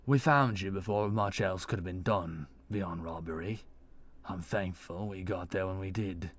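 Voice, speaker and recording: A composed knight lieutenant, voiced by a male narrator, speaking in steady, measured words. His voice sits deep and low, calm even when delivering bad news. A fantasy storybook reading. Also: slight background noise.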